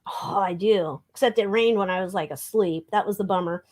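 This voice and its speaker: A woman's voice: mid-range voice, a little fast, darkish tone. A woman co-hosting a live tarot stream, chatting in a playful, bubbly way and swearing casually. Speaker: tarot reader co-host. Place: home room.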